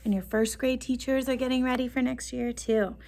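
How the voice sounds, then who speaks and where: A woman's voice: sits high, steady tone, brisk, gravelly, darkish tone. A woman teacher reading a storybook aloud to young children from her classroom, asking them questions. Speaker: first grade teacher.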